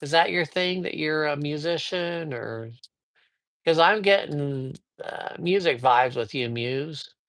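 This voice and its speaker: A man's voice: on the high side, expressive, slow, a bit bright, no room sound. Chatty man giving livestream card readings. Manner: upbeat, chatty, addresses viewers by name; rambling, with frequent fillers. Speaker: psychic reader. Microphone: livestream microphone.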